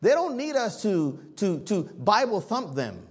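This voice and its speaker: A man preaching a sermon as pastor, telling a story in an animated way while the congregation answers back. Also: high-pitched, a little slow, slightly rough.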